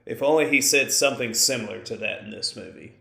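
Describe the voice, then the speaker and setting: A man with a low, gravelly voice that still has a bright, sharp edge, co-hosting a movie podcast. He talks in a relaxed way and drops dry jokes. The sound is echoey, as if recorded in a bare room. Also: quick pace. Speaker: podcast co-host. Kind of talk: casual movie podcast chat.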